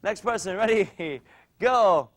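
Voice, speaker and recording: A man's voice: high-pitched, slow pace. A man teaching a kids' martial arts class, calling out drills with energy in a studio. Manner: energetic coaching, calls out drills.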